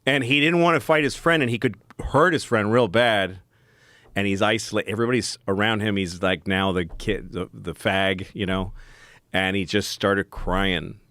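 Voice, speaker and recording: Man, low voice, rambling podcast storyteller, laughs a lot, dry close studio sound. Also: steady tone, moderate pace, fairly bright tone, no echo. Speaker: podcast co-host. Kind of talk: casual chat, storytelling.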